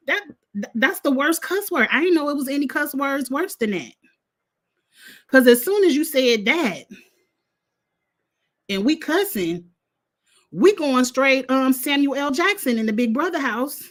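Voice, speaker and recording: A woman, hosting a casual reaction vlog in a blunt, heated, profane and animated way. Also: a little high, moderate pace. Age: adult with a son in college. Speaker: vlog host reacting to a reality show.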